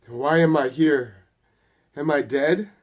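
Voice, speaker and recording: A man voicing a lost male soul adrift in darkness, frightened and yelling questions. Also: on the high side, takes it slowly, voice pushed up. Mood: bewildered.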